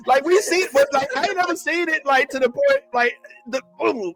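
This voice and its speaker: A man co-hosting a live chat, animated, rambling with restarts and acting out quotes. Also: very high-pitched, moderate pace, no echo, faint music behind. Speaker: podcast co-host.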